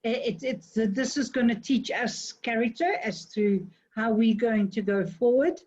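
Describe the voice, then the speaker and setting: A hesitant woman joins an online session and speaks with halting restarts. Her voice is slightly high and husky. Her audio comes through dull and lo-fi. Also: a little mellow. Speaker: session participant.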